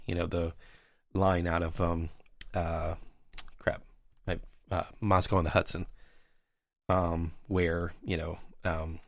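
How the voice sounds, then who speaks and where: A man's voice: sits low, no room sound, studio quality. A man hosting a podcast, telling a rambling anecdote in casual chat with many fillers. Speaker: podcast host. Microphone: remote call mic.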